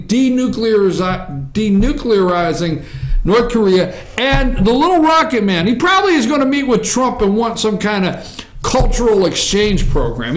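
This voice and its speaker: A man holds forth on the news as a talk show host, rambling and sarcastic, tossing asides to his crew. His voice sits high and swings up and down with lively energy. The sound carries a noticeable echo off the office walls. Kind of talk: opinionated news commentary. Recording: echoey room.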